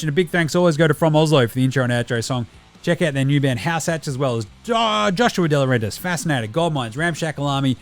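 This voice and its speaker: A fast-talking Australian man hosts a basketball podcast and races through a cheeky sign-off. His voice sits slightly high, and faint music plays underneath. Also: a bit bright. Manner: cheeky, rapid plugs and jokey insults. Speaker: podcast host. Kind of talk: casual show sign-off.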